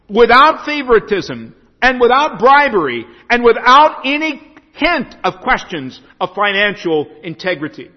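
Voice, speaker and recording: A male pastor preaching a sermon, telling stories dramatically, with big swings from loud to hushed. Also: high voice. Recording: dull echoey hall recording.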